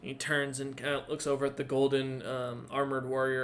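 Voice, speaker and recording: A man's voice: medium pitch, monotone, a little fast, hardly any pauses, fairly bright tone. A man narrating a tabletop game as dungeon master, rambling with lots of fillers. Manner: rambling, many fillers and restarts.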